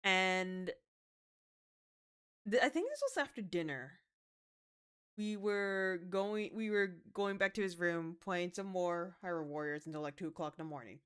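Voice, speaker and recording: A young woman streaming a game, chatting casually, swinging from mumbles to excited outbursts, swearing and laughing as she tells stories. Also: lowish voice, measured pace, pauses often, smooth. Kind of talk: casual livestream chat while gaming.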